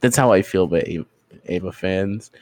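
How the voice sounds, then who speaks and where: A man's voice: sits low, fairly quick, darkish tone, no echo. A young man co-hosting a casual podcast, easygoing, with dry joking asides. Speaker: podcast co-host.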